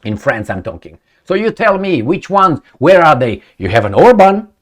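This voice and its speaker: A man's voice: on the high side, big pitch swings, moderate pace. Blunt rambling man mocking politicians. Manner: gropes for names, many fillers and restarts. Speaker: political commentator. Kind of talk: casual monologue.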